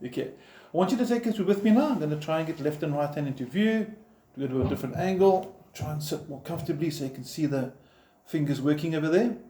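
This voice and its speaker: A man's voice: a little high, lively intonation, quick pace, mellow. A man teaching a guitar lesson step by step, patiently explaining while he plays and counting in. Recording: roomy echo, guitar playing behind.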